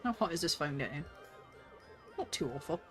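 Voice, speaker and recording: A woman's voice: low-pitched, very animated, moderate pace, fairly bright tone, faint music behind. A woman streaming a game, chatting playfully with viewers and reading character lines aloud with lots of laughter.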